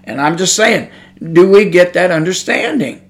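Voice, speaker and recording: A man preaches informally on a podcast using a studio microphone, his high-pitched voice lively in intonation at a normal speed. His folksy, emphatic style swells into fervent intensity.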